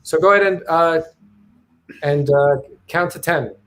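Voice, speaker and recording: A man's voice: a little high, a little slow, fairly bright tone, slight background noise. A man hosting a casual live stream over a video call, chatting and thinking aloud. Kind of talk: casual chat.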